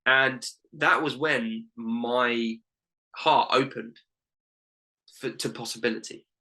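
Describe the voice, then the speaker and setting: A man's voice: medium pitch, fairly even intonation, slow pace, sharp tone, poor audio. A young man, a life coach and podcast guest, telling a heartfelt personal story in an earnest way, full of "literally" and "like".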